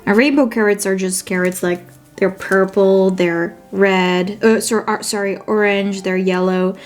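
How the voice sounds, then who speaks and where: This vlogger, a native Dutch speaker with a Dutch accent, has a medium-pitched voice, fairly even intonation, and a measured pace. She chats casually while setting up her journal, thinking out loud and correcting herself as she works.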